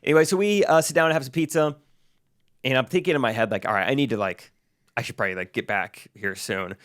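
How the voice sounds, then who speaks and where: A young man, a podcast co-host, casually telling a story and acting out the people he quotes in a higher voice. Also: fast talker. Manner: animated, acts out quoted voices in a higher pitch.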